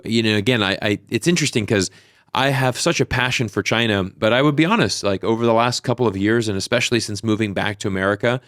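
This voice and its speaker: A man's voice: fairly low pitch, smooth, dry recording, studio quality. A man in his thirties, telling stories in a casual interview with lots of fillers and restarts. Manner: animated storyteller, many fillers and restarts. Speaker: podcast guest.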